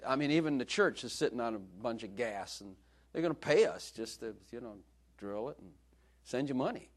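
A man's voice: mid-range voice, lively intonation, moderate pace. A male preacher giving a sermon in a joking, conversational way, laughing often.

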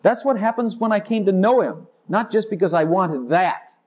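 A man's voice: sits high, darkish tone, highs cut off. A man preaching a sermon, exuberant and emphatic, breaking into song snatches and laughter. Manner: exuberant, sings snatches, laughs, rapid-fire declarations.

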